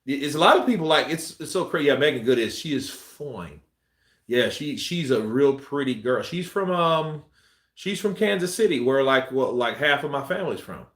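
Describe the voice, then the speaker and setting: A man's voice: mid-range voice, a bit bright. A man hosting a boxing live stream, reading viewer comments in a loose, joking way and laughing often. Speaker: boxing channel host. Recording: roomy echo.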